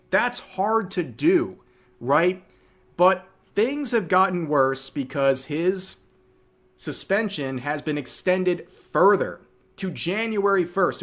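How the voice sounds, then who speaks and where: A man's voice: a little high, fairly bright tone. A male commentary host with a slightly raised voice, narrating streamer clips. His delivery is dry and sarcastic.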